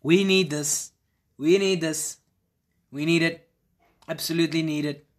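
A man giving casual, excitable reaction commentary as a video creator, repeating his exclamations and laughing often. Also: on the high side, measured pace. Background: faint background music.

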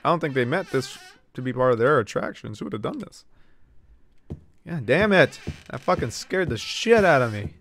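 A man streaming a horror game with jokey commentary, loud reactions and swearing. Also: medium pitch, lively intonation, normal speed, a little hiss or hum. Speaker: gaming streamer. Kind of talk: casual let's-play commentary.

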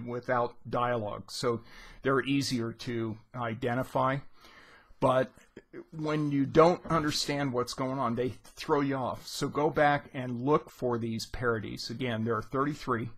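Husky-voiced man explaining a novel. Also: mid-range voice, fairly bright tone. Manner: conversational, retelling scenes with rising emphasis. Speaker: literature teacher. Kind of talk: casual explanatory lesson.

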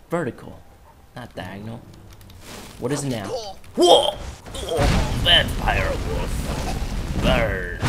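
A young man giving rambling, joking commentary while playing a video game, chatting to the characters on screen. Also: mid-range voice. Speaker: gaming YouTuber. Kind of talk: let's play commentary. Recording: game music behind the voice.

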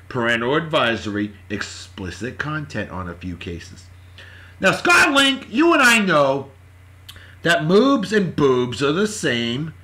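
A boisterous man hosting a casual vlog, giving shout-outs in rowdy slang and swinging between yelling and muttering. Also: high voice.

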